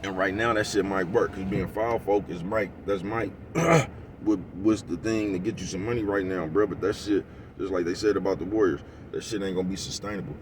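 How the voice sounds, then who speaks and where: A man with a lowish voice rants at a rapid clip, rambling in thick slang and breaking into laughs. He sits in a vehicle some way from the mic, with a faint hum of the road behind him. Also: far from the mic. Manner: rambling, heavy slang, keeps asking "you know what I'm talking about"; laughs often, gets loud and heated. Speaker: vlogger. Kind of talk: casual rant to camera.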